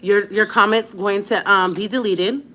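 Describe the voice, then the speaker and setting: A woman's voice: medium pitch, fairly even intonation, moderate pace, crowd noise. A young woman talking straight to her viewers in a casual vlog, blunt and defiant, with a lot of slang. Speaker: vlogger.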